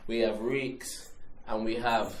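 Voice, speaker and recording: A lively man hosting in an echoing room. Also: medium pitch, slight background noise. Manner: animated, teasing, quick repeated interjections. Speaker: podcast host. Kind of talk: casual group chat.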